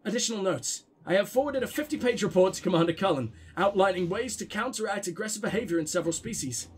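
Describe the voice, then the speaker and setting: A man doing a monotone female researcher. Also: high voice, quick pace, slightly rough. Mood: flat. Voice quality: flat monotone. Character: boring monotone female researcher reading a report.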